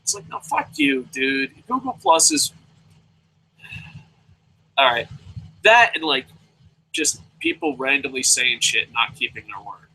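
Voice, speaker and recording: A man's voice: mid-range voice, huge pitch swings, unhurried, gravelly, long pauses, sharp tone, breathy edge, poor audio. A young man hosting a casual live wrestling review, ranting profanely and rambling with goofy sound effects. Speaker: wrestling review show host.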